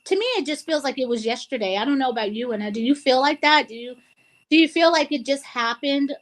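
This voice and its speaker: A woman's voice: high-pitched, quick pace, low-quality recording. A woman co-hosting a casual talk show, speaking earnestly and tearfully with many restarts. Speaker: co-host. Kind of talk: emotional casual chat.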